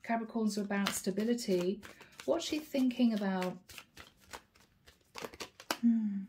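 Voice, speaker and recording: A woman's voice: mid-range voice, slow pace, dark tone, a little hiss or hum. A woman giving a channeled tarot reading, musing aloud and naming each card in short bursts. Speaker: tarot reader.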